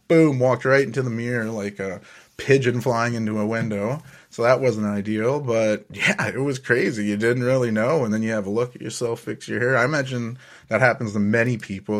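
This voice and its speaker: A man's voice: fairly low pitch, steady tone, brisk. A man hosting a casual solo podcast, telling stories in a laid-back way, often chuckling and swearing casually. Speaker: podcast host.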